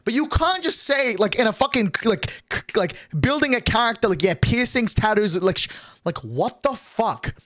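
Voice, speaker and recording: A man's voice: sits high, expressive, normal speed, a bit bright, no echo, studio quality. A young man streamer telling a story in a casual, exasperated rant, swearing and restarting often. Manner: exasperated, profane, rambling with many restarts.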